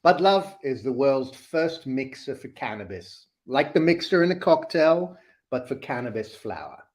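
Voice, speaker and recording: A man appearing as a guest on a podcast, speaking in a relaxed, friendly way with light laughter. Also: mid-range voice, moderate pace. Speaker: podcast guest, company founder. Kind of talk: casual interview chat.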